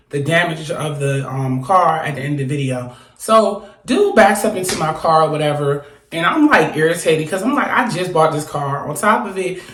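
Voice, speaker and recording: A young woman telling a storytime straight to camera, animated and blunt, swearing freely. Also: deep voice. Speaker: vlogger. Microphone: phone or camera held close. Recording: echoey room.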